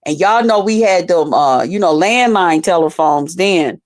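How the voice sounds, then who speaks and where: A woman's voice: mid-range voice, measured pace. A woman telling a story to her viewers in a casual vlog, cursing freely and calling them y'all. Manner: profane, animated, addresses viewers as y'all. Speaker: YouTuber telling stories to viewers.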